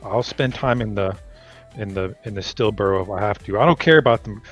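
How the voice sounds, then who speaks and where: A man's voice: on the low side, brisk, faint music behind, natural voice. A man playing a guilt-ridden young rabbit. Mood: earnest. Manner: earnest, solemn vows.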